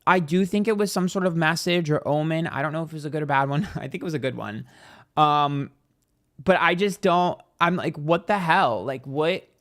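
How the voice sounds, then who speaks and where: A man's voice: on the high side, brisk, fairly bright tone. A man in casual vlog chat, telling a story with lots of "like" and acted-out reactions. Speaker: tarot reader and YouTuber.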